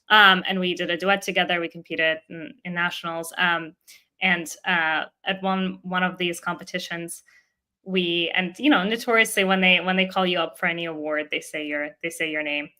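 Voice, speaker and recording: A young adult woman, a startup co-founder, telling a story in a casual interview with lively laughs along the way. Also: on the low side. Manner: animated, laughs often while telling a story.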